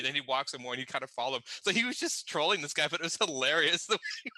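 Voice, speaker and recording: Bright-voiced man telling game stories. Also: on the high side, lively intonation, rapid-fire, few pauses, dry recording, poor audio. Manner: storytelling, laughs at own stories. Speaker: podcast co-host. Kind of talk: casual chat.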